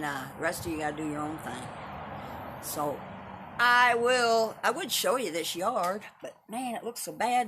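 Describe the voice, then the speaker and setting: A husky, low-pitched, slightly bright voice belongs to this Texan woman in her seventies, who livestreams casually from her home and yard. She tells her viewers exactly what she thinks, opinionated, blunt, and freely profane.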